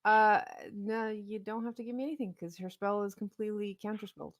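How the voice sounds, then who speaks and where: A woman running a tabletop game as game master, amused and quick to laugh at the dice. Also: mid-range voice, fairly even intonation, no echo, clean studio sound.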